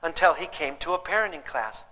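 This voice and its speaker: High, bright-voiced man lecturing a class. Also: animated, fairly quick, big-room sound, slight background noise, rough recording. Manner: emphatic, asks the audience questions. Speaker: parenting teacher.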